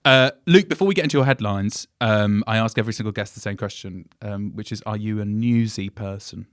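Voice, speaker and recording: A man's voice: lowish voice, a little fast, clear, resonant tone, no room sound, studio quality. Wry man hosting a podcast. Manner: chatty, wry interviewer who recaps stories. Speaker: podcast host. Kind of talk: casual podcast interview.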